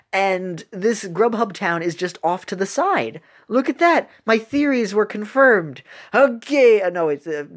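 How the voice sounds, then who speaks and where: A woman giving casual, rambling reaction commentary on videos, excitable and often stumbling over her words. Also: medium pitch.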